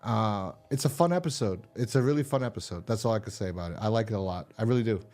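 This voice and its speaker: Quick-paced and low-voiced with a darkish tone, a man co-hosts a podcast over faint music. His casual recap of a horror episode wanders, swears often and keeps restarting.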